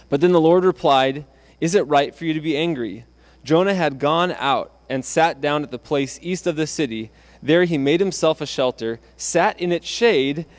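A man preaching a sermon in a conversational way, often restarting phrases and acting out quotes from the text. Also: fairly high pitch. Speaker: pastor.

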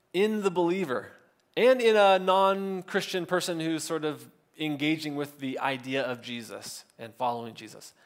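A male pastor, giving a casual, conversational sermon and briefly acting out quotes. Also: fairly high pitch. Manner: conversational, self-correcting, acts out biblical quotes.

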